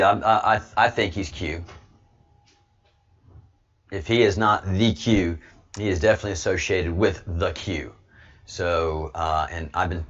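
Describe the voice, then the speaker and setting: A man's voice: low voice, fairly bright tone, muffled recording. A man hosting an online video show, giving heated political commentary and repeating words as he pushes his point. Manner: emphatic, repeats words while pushing a point.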